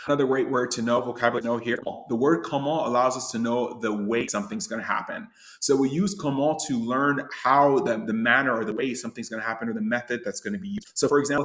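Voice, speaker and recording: A man teaches a French lesson at a middling pitch, talking loosely and often rephrasing or correcting himself as he goes. His voice carries a roomy echo around it. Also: fairly bright tone. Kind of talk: online lesson explaining slides.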